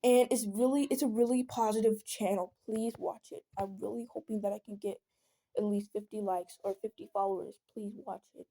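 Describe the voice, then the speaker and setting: A teenage girl talks through a casual venting video in an earnest, rambling way. Her voice is mellow and warm, never bright. She often slips into soft pleading. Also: mid-range voice, fairly even intonation, fairly quick. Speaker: vlogger.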